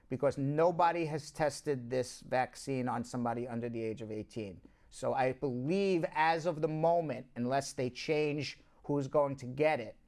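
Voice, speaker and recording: A man with a Long Island accent and a medium-pitched, darkish voice hosts an immigration news show. He runs through the news casually and chattily, often breaking off for asides to his co-hosts.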